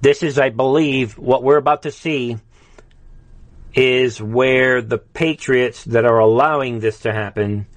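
A man's voice: medium pitch, a little slow, dry recording. A man hosting an online commentary show, talking casually and mocking the news clips he plays. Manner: mocking, sarcastic, laughs at clips.

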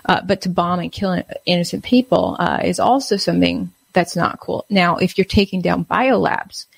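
A woman giving casual news commentary, halting and full of fillers and restarts. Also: fairly low pitch, creaky, husky, dry recording. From United States.

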